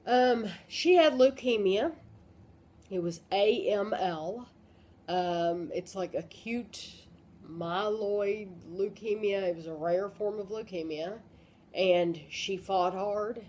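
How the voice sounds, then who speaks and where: Woman in her fifties, vlogger, crying, halting, lots of pauses, very slow pace, mid pitch. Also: darkish tone, slight background noise. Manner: halting, many pauses and fillers. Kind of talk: personal vlog talk.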